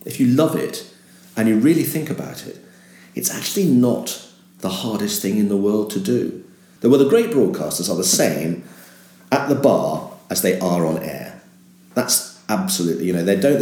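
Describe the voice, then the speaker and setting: Older man, deep and animated. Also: reverberant. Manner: animated, jumps to a bright upbeat presenter voice when demonstrating. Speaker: veteran radio presenter. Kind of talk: reflective interview.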